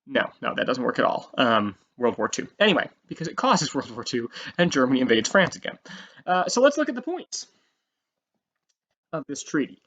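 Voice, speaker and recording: A man teaching a history lesson in a casual, animated way, often saying "um" and acting out quotes. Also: mid-range voice, moderate pace. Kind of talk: explaining a history lecture. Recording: slightly dull lo-fi audio.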